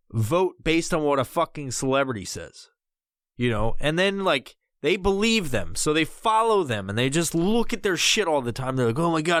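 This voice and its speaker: A man's voice: a little high, fairly bright tone, dry recording, clean studio sound. Profane rambling man on a podcast. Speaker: podcast host. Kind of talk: casual podcast rant.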